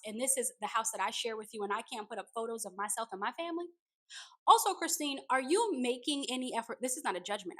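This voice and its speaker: A woman's voice: fairly high pitch, fairly bright tone. A woman host giving a casual, reflective recap of a reality show, retelling scenes in her own words. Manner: retells scenes with quoted dialogue, conversational and reflective.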